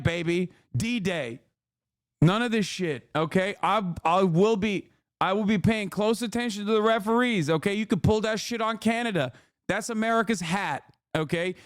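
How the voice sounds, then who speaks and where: A man's voice: sits high, clean tone, no room sound, studio quality. A man streaming and commenting on politics, ranting in a profane, sarcastic mock-patriotic way. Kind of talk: casual livestream reaction chat.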